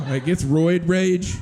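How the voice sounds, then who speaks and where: A man's voice: high-pitched, vocal fry, warm tone. A man doing a stand-up set on a comedy club stage, telling stories in a laid-back, rambling way.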